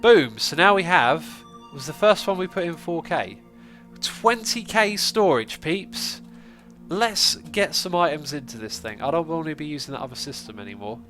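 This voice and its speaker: A man's voice: fairly high pitch, expressive, normal speed, fairly bright tone, faint music behind. A man with a stuffy, congested nose hosting a casual gaming livestream, chatting and thinking aloud as he plays. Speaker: livestream host.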